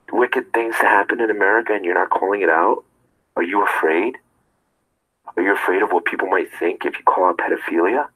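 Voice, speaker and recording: Deep, forceful man ranting. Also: low-quality recording. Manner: confrontational, fires rhetorical questions. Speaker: streamer. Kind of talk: ranting monologue to viewers.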